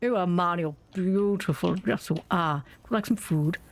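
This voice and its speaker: A woman's voice: lowish voice, normal speed. Blunt, sweary British woman. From Britain. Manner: blunt, swears a lot, ranting. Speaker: YouTuber playing a game. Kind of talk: casual gameplay commentary.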